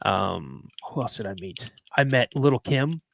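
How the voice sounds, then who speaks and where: A man's voice: medium pitch, animated, a little slow, gravelly, fairly bright tone, no echo. A man hosting a podcast, telling casual, rambling anecdotes and often restarting and repeating his words. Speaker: podcast host. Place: live podcast show.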